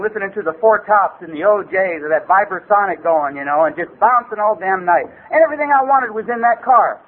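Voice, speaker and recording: A middle-aged man from the Los Angeles area, with a high, husky voice, tells comic personal stories as a recovery meeting speaker. His loose, rambling delivery is packed with "man" and "you know," and the tinny, phone-like recording has a faint hiss.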